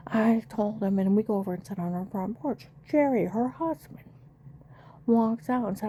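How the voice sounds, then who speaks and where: A woman's voice: a little high, steady tone, fairly quick, mellow, slight background noise. A middle-aged woman emotionally retelling a frightening family story, acting out the dialogue of the people involved. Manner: emotional, breathless retelling with frequent quoted dialogue. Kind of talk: personal testimony.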